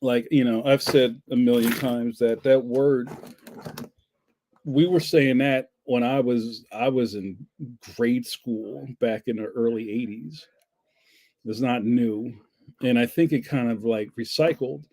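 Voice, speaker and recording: A livestream host from Philadelphia, US, speaks slowly in a mellow, medium-pitched voice. He chats casually through viewer comments, rambling and joking with frequent laughs.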